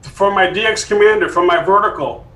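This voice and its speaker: A man's voice: high-pitched, a little fast, pushed and bright. A man who is a ham radio operator, chatting casually on a video call in an easygoing, joking way. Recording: echoey room with faint hiss.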